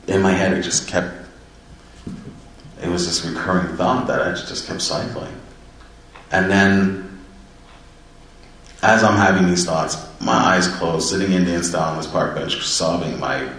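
Deep-voiced man telling his recovery story. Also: fairly bright tone. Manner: earnest and reflective. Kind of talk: personal storytelling. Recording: very echoey room, distant mic.

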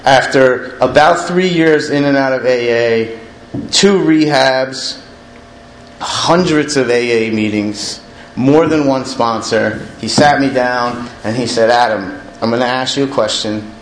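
A middle-aged man tells his story with candid, self-deprecating plainness, like someone sharing in recovery. His voice sits at an ordinary pitch. The room rings with echo, and a faint background hum runs underneath. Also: slow pace. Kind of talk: personal testimony. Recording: echoey room with faint ambient noise.

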